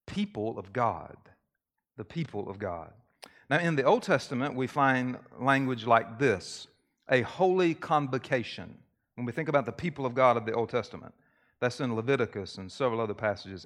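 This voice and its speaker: A man preaching a sermon, leading a short prayer and explaining terms in a measured way, repeating key phrases for emphasis. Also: mid-range voice, fairly bright tone. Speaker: pastor.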